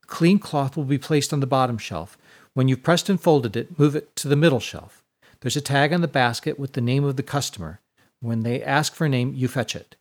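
A man's voice: medium pitch, normal speed, close to an everyday voice. A man voicing a stern, injured middle-aged nun giving curt, instructive commands.

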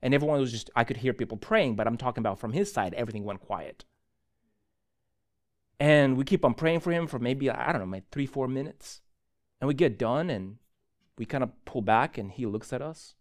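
A male pastor tells a story in a sermon, animated and prone to restarting his sentences. His voice sits at an ordinary middle pitch. He speaks in a church. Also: a little fast. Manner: animated, self-correcting storyteller.

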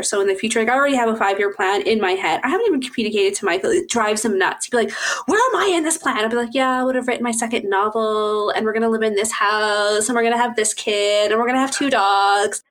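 A woman co-hosting a casual chat, lively and acting out quotes in a raised voice. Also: mid-range voice, quick pace, hardly any pauses. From Lebanese heritage. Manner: animated, acts out quotes in a raised voice. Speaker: podcast co-host.

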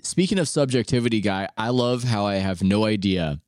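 A man hosts a casual podcast chat, giving his opinions freely and teasing his guest. His voice sits low, and the sound is dry and close. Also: brisk, a little mellow, dry recording. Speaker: podcast host. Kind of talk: casual conversation.

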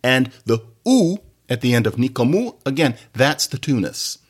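A man's voice: sing-song, moderate pace, breathy edge. A man hosting a podcast, giving a playful, digressive explanatory monologue. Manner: playful, digressive lecturing with sudden pitch jumps. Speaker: podcast host.

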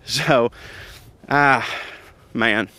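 A man's voice: mid-range voice, steady tone, extremely slow, bright, forceful tone, smooth, no room sound. A man, hosting a podcast and telling family stories in a chatty way, laughing often. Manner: chatty, laughs often, Southern turns of phrase like y'all. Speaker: podcast host. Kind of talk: casual storytelling monologue.

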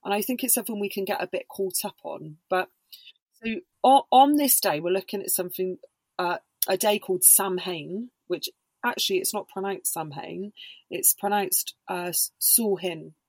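A woman guest on a casual podcast chat, explaining slowly with lots of hedging fillers. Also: medium pitch, darkish tone, dry recording. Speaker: podcast guest, Reiki practitioner and embodiment coach.

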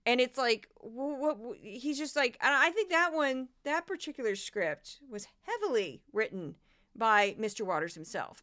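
A woman's voice: sits high, lively intonation, normal speed, a bit bright, no room sound, clean studio sound. A woman in her forties hosting a podcast, giving casual, sarcastic and exasperated commentary on news clips. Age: 40s. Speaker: podcast host.

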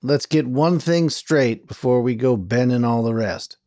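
Steady frontier sheriff, drawling and firm, voiced by a male narrator, audiobook western. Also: medium pitch, a little slow, no room sound, studio quality, close to an everyday voice. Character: gruff, steady frontier sheriff, middle-aged man.

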